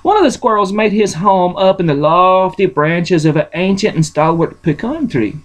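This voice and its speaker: A man's voice: sits high, poor audio. A man from Russia, reading a bedtime story aloud in a casual, folksy way with rambling asides. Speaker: storyteller host.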